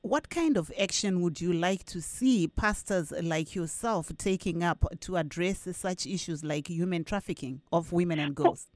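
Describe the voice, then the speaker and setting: Low-voiced woman radio interviewer, dry sound. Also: moderate pace, hardly any pauses, no room sound. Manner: brief, direct questions. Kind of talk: interview questions.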